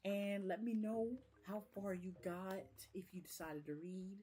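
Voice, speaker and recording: A woman's voice: mid-range voice, unhurried, warm tone. A young woman recapping a book chapter in a rambling, chatty way, full of fillers, on a casual live stream. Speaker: book vlogger.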